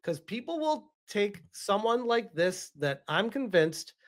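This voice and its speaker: A man's voice: sits high, big pitch swings, measured pace. A man commenting on a stream, dismissive and eye-rolling. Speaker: streamer in a played clip.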